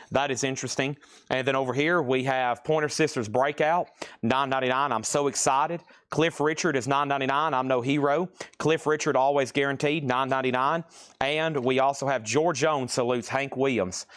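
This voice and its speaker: A man runs a live vinyl sale, listing records and prices one after another. His voice sits in a middle pitch and sounds dry and close. He calls out bids with a steady "going once, going twice.". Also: no echo. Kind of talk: live-stream record auction patter. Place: record shop.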